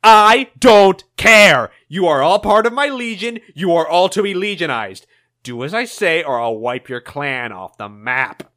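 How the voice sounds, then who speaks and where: A man voicing a menacing villain scientist who issues slow, gloating threats. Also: a little high, expressive, fairly bright tone, clean tone.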